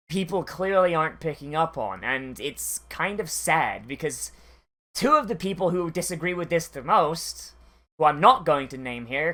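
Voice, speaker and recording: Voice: mid-range voice, a bit bright. An anime reviewer giving casual reaction commentary, rambling and swearing freely, with many fillers and restarts.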